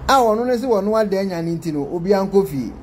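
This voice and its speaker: A man with a Ghanaian accent, giving excitable casual commentary to his viewers, switching between Twi and English. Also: high-pitched, fast talker, a little hiss or hum. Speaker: vlogger.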